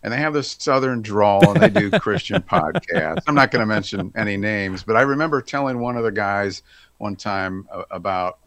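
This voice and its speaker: A man's voice: lowish voice, expressive, normal speed, vocal fry, fairly bright tone, no echo. A man co-hosting a podcast in casual chat, telling joking stories and teasing. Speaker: podcast co-host.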